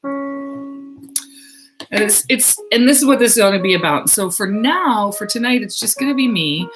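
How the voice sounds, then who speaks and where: A woman's voice: on the high side, animated, rough recording. Woman leading a soothing meditation. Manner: slow, soothing, with fillers. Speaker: medium leading a guided meditation. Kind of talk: live-stream guided meditation. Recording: piano music played behind her.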